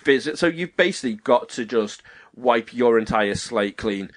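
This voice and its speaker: A man's voice: medium pitch, expressive, normal speed. A young man, hosting a podcast and telling a rambling story full of fillers. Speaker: podcast host. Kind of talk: casual chat.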